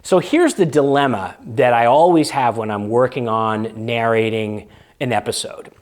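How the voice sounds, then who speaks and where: A man's voice: medium pitch, moderate pace. A man hosting a casual vlog, explaining things in a chatty, conversational way with frequent fillers and restarts. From United States. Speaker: vlog host.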